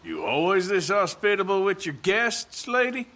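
An actor voicing a rugged outlaw with a dry, threatening way of talking. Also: male voice, high-pitched, very animated, moderate pace, sharp tone, exaggerated voice.

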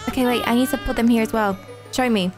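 A young woman narrating a game she plays, flustered and rapid, jumping up high when she panics and putting on fake crying. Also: steady tone. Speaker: gaming YouTuber. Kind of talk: let's-play commentary. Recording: game music playing behind.

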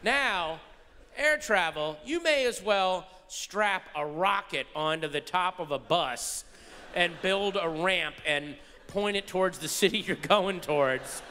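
A man doing stand-up on a large theater stage, with a high and sharply bright voice. He swings from low muttered asides to shouted rants. The sound is a live hall recording with long reverb and a faint hum. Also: expressive, takes it slowly. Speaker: stand-up comedian. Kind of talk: stand-up comedy routine.

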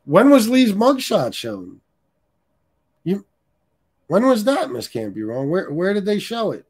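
A man's voice: high-pitched, huge pitch swings, a little slow, a little mellow, slightly rough. A middle-aged man hosting a live stream, reading chat comments and trash-talking in a blunt, crude, heated way. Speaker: livestream host reading chat. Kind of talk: casual profane live-stream rant.

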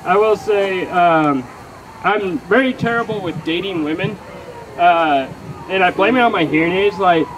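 A man's voice: high voice, a little slow, background noise. A young man with a Texan accent doing a rambling, profane stand-up set in front of a live crowd, full of fillers and self-mocking asides. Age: young adult. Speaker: stand-up comedian. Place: comedy venue with live crowd. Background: audience laughing.

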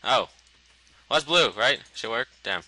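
Bright-voiced man joking through gameplay. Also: medium pitch, animated, unhurried, no echo, soft background music, rough recording. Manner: joking, reads signs aloud in a silly voice. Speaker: gamer. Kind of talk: casual co-op gameplay chat.

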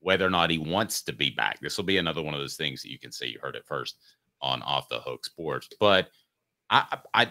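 A middle-aged man hosting a sports talk show, talking in an animated, joking way. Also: a bass voice, a little fast. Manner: animated, does mock impressions.

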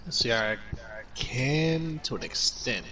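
A man's voice: medium pitch, takes it slowly, bright, forceful tone, slight background noise. A young man in gaming voice chat, dry and understated.

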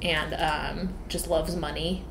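Podcast co-host, young woman, lowish voice, swears freely, echoey home room with noise. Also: level tone, slow pace. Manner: loose, profane, laughs often. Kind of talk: casual banter. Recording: echoey room, noisy background.

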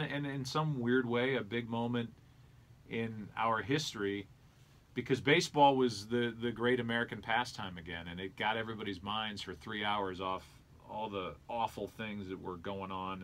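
Low-voiced man telling a personal story. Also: fairly bright tone, a little hiss or hum. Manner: earnest, reflective storyteller. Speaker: sports broadcaster and interview guest. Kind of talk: conversational storytelling.

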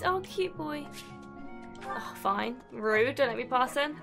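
A young woman commentating her own game play, excitable and prone to swearing. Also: sits high, measured pace, soft background music. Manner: excitable, swearing, laughing often. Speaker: gaming video host.

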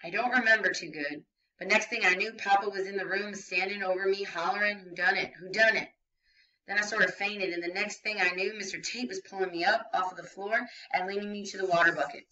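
Brief: woman reading as a frightened, defiant country girl witness; halting rustic speech, raised and loud, bright edge, dull distant recording. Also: mid-range voice, steady tone, lightly acted. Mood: insistent.

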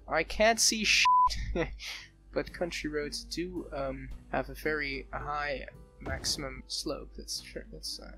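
A man giving casual gameplay commentary, excitable, often laughing and exclaiming at what he sees. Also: on the high side, vocal fry. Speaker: let's play gamer. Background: soft background music.

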